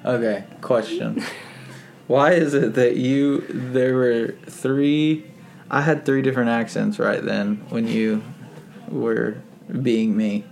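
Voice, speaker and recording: A man co-hosting a casual podcast chat, dropping wry deadpan one-liners. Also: mid-range voice, takes it slowly, vocal fry, a little hiss or hum. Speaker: podcast co-host.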